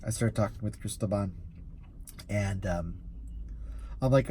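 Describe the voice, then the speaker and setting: A man's voice: lowish voice, unhurried, pauses often, warm tone, slightly rough. A man who drives for rideshare, telling a story in a casual vlog, easily amused and rambling with restarts.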